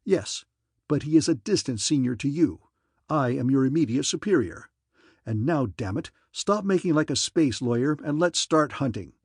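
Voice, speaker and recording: A stern squadron commander , voiced by a male reader, who barks short, clipped orders. His voice is husky and recorded close and dry for an audiobook. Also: mid-range voice, expressive, moderate pace, no echo. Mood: commanding.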